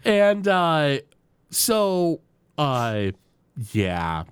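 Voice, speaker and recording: A man's voice: very slow, smooth, no room sound, clean studio sound. A man co-hosting a podcast, retelling cartoon scenes in casual chat and filling them with "like" and "you know". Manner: animated, lots of "like" and "you know", jumps pitch for quoted lines. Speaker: podcast co-host recapping a cartoon episode.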